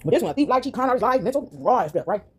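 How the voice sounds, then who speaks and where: Woman vlogger, rambling animated storyteller, talks very fast, slightly high voice. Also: breathy edge. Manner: rambling, says "right?" constantly; animated, dramatic. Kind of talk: casual storytelling monologue.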